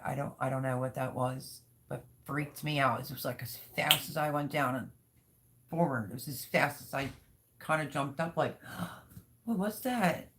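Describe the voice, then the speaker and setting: A woman hosts a casual home livestream, rambling frankly and reading viewers' comments aloud. Her voice is extremely low and a bit bright, and there's a slight hiss or hum in the audio.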